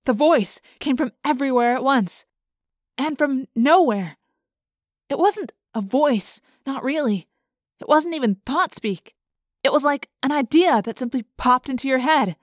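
A woman reading an audiobook aloud in first person, expressive, lifting her voice for the characters' lines. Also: unhurried, dry recording, studio quality. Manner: expressive, lifting pitch for dialogue. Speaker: audiobook narrator.

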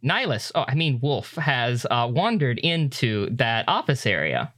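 A game master narrating a tabletop role-playing game in a quick, playful way. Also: medium pitch, sing-song, fairly bright tone.

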